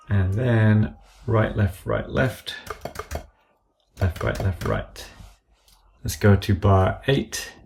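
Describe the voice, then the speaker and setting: In a software walkthrough recorded from his screen, a man enters drum notation into a music app, naming notes and stickings one by one and quietly fixing his mistakes as he goes, slow and methodical. He has a fairly low, gravelly, darkish voice, with a little hiss or hum and keyboard and mouse clicks behind him.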